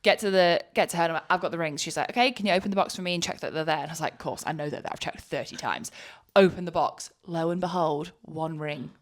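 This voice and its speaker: A woman co-hosting a casual chat show, her voice sitting a touch low. She tells stories with real energy and slips into little voices for the people she quotes. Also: fast, few pauses. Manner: animated storyteller, acts out quoted people. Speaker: podcast co-host.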